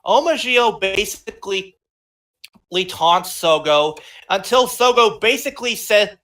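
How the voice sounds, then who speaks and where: Man, podcast co-host, casual recap chat, excitable, restarts, online call. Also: high-pitched, unhurried. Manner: excitable, restarts sentences, exasperated outbursts.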